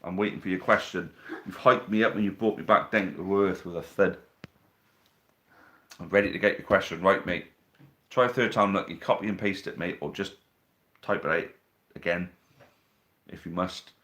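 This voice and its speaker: Guy chatting away on his phone stream at home, lowish voice, teasing the viewers. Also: steady tone, normal speed, pauses often, bright, forceful tone. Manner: chatty, reads out viewer questions, teasing banter. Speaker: live stream host. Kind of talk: casual live stream chat. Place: living room at home. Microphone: phone on a tripod.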